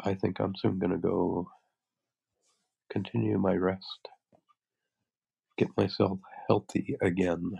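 Gravelly, stuffy-nosed man hosting slowly. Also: low voice. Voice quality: congested. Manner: relaxed, rambling host patter. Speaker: host of a live audio chat room. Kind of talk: casual chat. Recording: dull lo-fi sound.

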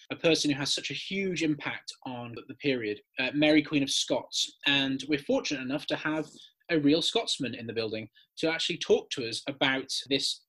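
A man hosts an educational podcast with a husky voice and mid pitch. He sounds upbeat and fills pauses with "uh". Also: fairly bright tone, rough recording. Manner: upbeat, with filler words. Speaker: podcast host.

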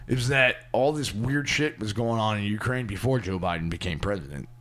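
A man co-hosting a podcast in casual chat, halting, full of restarts and "like". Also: on the low side, a bit bright.

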